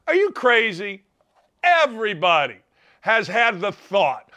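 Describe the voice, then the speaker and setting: A man's voice: sits high, big pitch swings, slow pace, pushed and bright. A middle-aged man hosting a sports talk show, ranting in an opinionated monologue full of rhetorical questions. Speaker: sports radio host.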